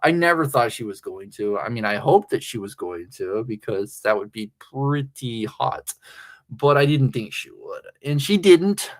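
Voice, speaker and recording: A man's voice: mid-range voice, animated, unhurried. Crude rambling streamer guy. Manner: crude, rambling, laughs often. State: slightly tipsy. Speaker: livestream host. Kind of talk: casual livestream chat.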